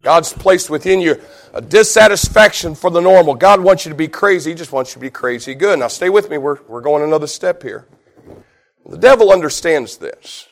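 Middle-aged guy preaching, high voice, real bouncy up and down delivery, tells a story then hammers his point home. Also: a little fast, vocal fry. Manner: animated storyteller, shouts and laughs in retelling; preaching with rising emphatic repetition. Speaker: pastor. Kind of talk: sermon with a personal story.

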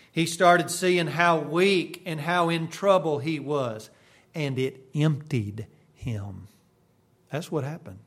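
A man preaching a sermon, swinging from sudden loud bursts to hushed, quiet lines. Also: a little high.

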